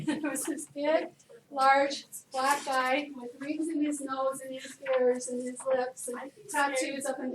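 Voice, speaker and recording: Woman chemistry teacher, chatty classroom lecturer who quizzes students; distant mic with room echo. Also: sits high. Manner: lively, chatty, asks the class questions. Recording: echoey room, distant, noisy.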